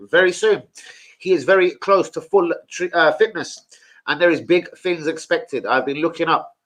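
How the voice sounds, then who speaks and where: A man's voice: on the high side, fairly bright tone. A young man chatting casually about football as a streamer, slangy and sweary.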